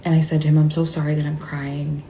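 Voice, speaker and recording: A woman sharing a personal story in an emotional confessional video, upset and near tears, talking haltingly and often dropping to a whisper. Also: sits low, completely flat delivery, dark tone, slight background noise. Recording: echoey room.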